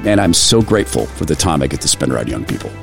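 A middle-aged male radio host telling a personal story in an animated way, often restarting his sentences. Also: a bass voice, fast talker, creaky, soft background music. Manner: animated retelling with repeated restarts. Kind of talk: storytelling monologue.

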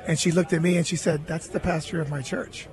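A man's voice: fairly high pitch, steady tone, a little fast, a crowd in the background. A middle-aged man, a guest on a radio interview, earnestly telling a personal story and quoting other people in his own voice. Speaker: guest, former baseball catcher.

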